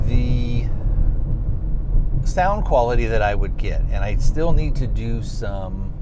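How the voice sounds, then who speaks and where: A man hosting a casual solo podcast, talking in a chatty, rambling way and correcting himself as he goes. He records on a lavalier clipped to his seat belt while driving a truck. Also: on the low side. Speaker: podcast host. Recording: road noise from a moving truck. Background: road noise.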